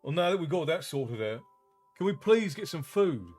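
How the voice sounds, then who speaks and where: A man's voice: fairly high pitch, very animated, normal speed, darkish tone. Man reading as a hungry teenage wizard boy, irritable, grumbling, faint music behind.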